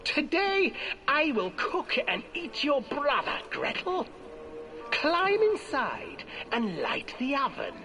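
A man voicing a cruel old witch in a game's storybook tale, crooning in a shrill, drawn-out way. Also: huge pitch swings, gravelly, full character voice. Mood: menacing. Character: cruel cackling old witch, greedy and coaxing. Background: music.

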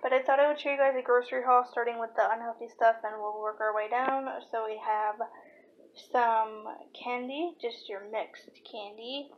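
A young woman talking casually to camera in a home vlog, chatty and pausing to search for words. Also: fairly high pitch, fairly even intonation, muffled recording. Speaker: vlogger. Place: home, kitchen. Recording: noisy home ambience.

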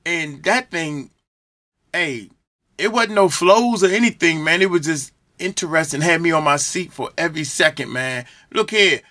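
Bright-voiced man reacting in drawn-out exclamations. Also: on the high side. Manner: drawn-out exclamations, folksy slang. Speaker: reaction show host. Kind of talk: casual reaction commentary.

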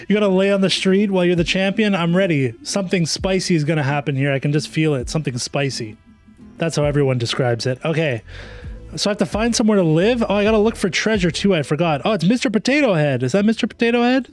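A man hosting a casual let's-play, joking around and reacting excitedly to the game. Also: on the high side, fast. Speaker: gaming YouTuber host. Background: faint game music.

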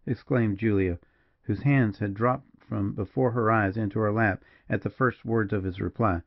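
Low-voiced male audiobook narrator. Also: steady tone, moderate pace. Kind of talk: scripted narration. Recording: dull, dry lo-fi recording.

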